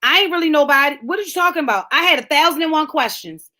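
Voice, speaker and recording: A middle-aged woman giving a fervent sermon-style motivational talk, speaking plainly and straight to her listeners, at times rising to a shout. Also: high-pitched, animated, quick pace. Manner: fervent preaching, talks straight to listeners by name. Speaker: speaker of a lunchtime empowerment talk.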